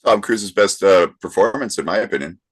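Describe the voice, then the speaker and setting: A man's voice: deep voice, fairly quick, slightly rough. A man co-hosting a podcast, tossing out questions in a dry, offhand way during casual banter. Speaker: podcast co-host.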